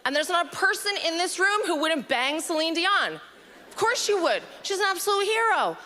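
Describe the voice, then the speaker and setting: A woman performing a stand-up comedy set on a festival stage, dry and quick-witted, on a handheld mic. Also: very high voice, sing-song, pushed and bright.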